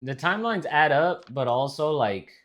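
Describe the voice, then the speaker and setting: A man's voice: a little high, expressive, normal speed, a bit bright. A man co-hosting a casual podcast chat, rambling and swearing, with frequent restarts. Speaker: podcast co-host.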